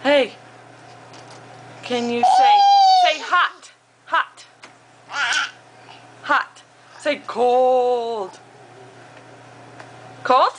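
Sing-song, high-voiced young mother. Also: wildly swooping pitch, a bit bright, slight background noise. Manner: slow, sing-song, coaxing baby talk. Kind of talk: home video, coaxing toddlers to talk. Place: home.

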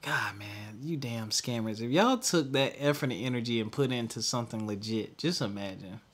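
A young adult man co-hosting a podcast, venting candidly in casual chat and trailing off into quiet mutters. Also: medium pitch, normal speed. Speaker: podcast co-host.

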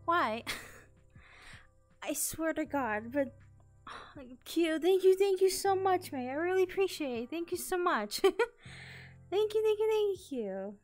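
A woman live-streaming in casual chat, bubbly and excitable, easily startled into loud yelps and laughs, playfully repeating catchphrases. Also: extremely high pitch, slow, pauses often, faint music behind.

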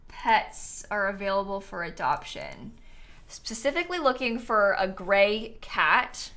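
Woman streamer, casual and giggly, sits a little high in pitch. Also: bright, forceful tone. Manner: chatty, giggly, talks to chat. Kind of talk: casual gameplay commentary.

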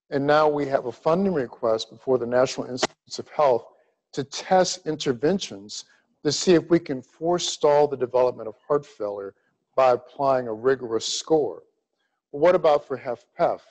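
A man's voice: mid-range voice, darkish tone, poor audio. Emphatic middle-aged male medical lecturer. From Louisiana. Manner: emphatic, measured, deliberate pacing. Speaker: cardiology lecturer. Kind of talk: grand rounds medical lecture.

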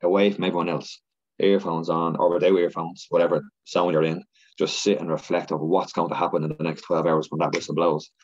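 A podcast guest telling stories in a rush of excited, rambling speech, full of fillers and repeats. His voice is low and husky, and the lo-fi recording sounds dull. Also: fairly quick. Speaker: podcast guest, Ironman athlete. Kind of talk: casual storytelling chat.

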